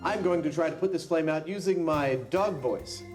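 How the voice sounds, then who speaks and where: A man's voice: a little high, normal speed, over music. A man hosting a TV science show, explaining an experiment in a chatty, enthusiastic way. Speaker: host.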